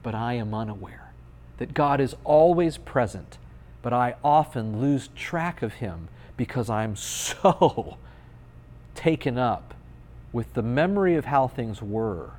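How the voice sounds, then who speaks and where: A man's voice: mid-range voice, measured pace, a little mellow. A man in his thirties, a pastor giving a conversational sermon with playful, dry humor.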